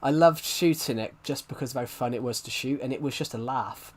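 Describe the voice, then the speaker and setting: Young man in his twenties, game streamer, loose rambling chat that keeps restarting mid-sentence, mid-pitched. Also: brisk. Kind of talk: casual live-stream chat while playing.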